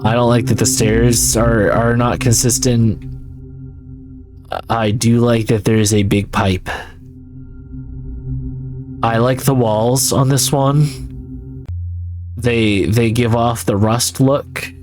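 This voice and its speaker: A man's voice: medium pitch, steady tone, slow pace, long pauses, music in the background. A man giving casual, rambling gameplay commentary, swearing often. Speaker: gaming YouTuber.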